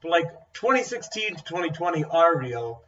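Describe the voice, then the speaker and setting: A young man rambles bluntly in casual chat, with lots of fillers and restarts. His voice is somewhat high and bright. The recording sounds dull and a little far from the mic. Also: big pitch swings, normal speed, slight background noise. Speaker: co-host.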